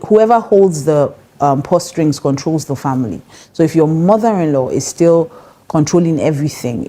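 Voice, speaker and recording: Laughing frequently, a middle-aged female pastor with a Nigerian English accent teaches about marriage in a direct, emphatic, conversational style. Her voice is low-pitched and warm.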